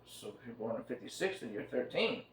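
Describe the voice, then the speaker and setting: A woman's voice: rumbling low, big pitch swings, fairly quick, distant mic, slight background noise. A woman questioning a relative in casual conversation, probing and skeptical as she checks the details. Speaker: interviewer asking family questions. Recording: echoey room.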